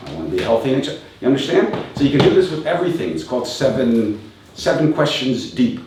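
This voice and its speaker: A man's voice: mid-range voice, big pitch swings, quick pace. A man in his fifties giving a reflective live talk as a coach, asking rhetorical questions and chuckling often. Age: 50s. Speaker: motivational speaker and coach. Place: event venue with a live audience. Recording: very echoey room, distant mic, faint noise.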